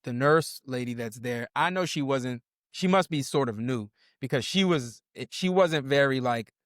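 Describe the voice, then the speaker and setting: Animated and storytelling in a casual chat, a young male podcast co-host acts out the voices he quotes. He has a mid-pitched voice and a moderate pace, and the sound is dry and close with no echo.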